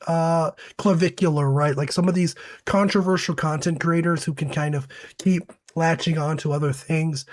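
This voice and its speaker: A man talking casually to his viewers in a commentary, his voice hoarse as he gets over an illness. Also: fairly high pitch, darkish tone, no echo. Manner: conversational, uses fillers like "right?". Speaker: commentary host.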